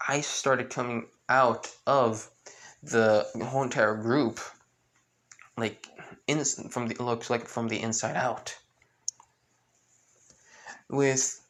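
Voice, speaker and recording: A man with a mid-range, slightly bright voice improvises fan-fiction narration as a fan storyteller. He rambles, restarting again and again and stringing along with-clauses.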